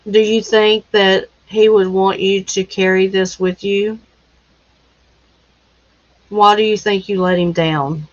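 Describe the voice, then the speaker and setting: Slow, gentle woman minister hosting a chat. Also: mid-range voice, fairly even intonation. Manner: gentle, consoling, with many pauses and fillers. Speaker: minister and live-stream host. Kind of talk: casual live chat answering viewer comments. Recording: dull lo-fi sound.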